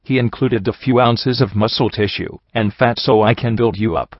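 A man voicing a gentle, earnest female pegasus doctor who speaks softly and matter-of-factly, recorded dry and a little dull. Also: medium pitch, moderate pace, no room sound, close to an everyday voice. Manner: soft, matter-of-fact reassurance.

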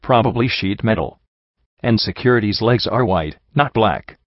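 A man's voice: lowish voice, moderate pace, no echo, lightly acted. A man voicing a cocky, pompous unicorn stallion who leads a bandit gang, talking down with smug condescension. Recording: dull lo-fi recording.

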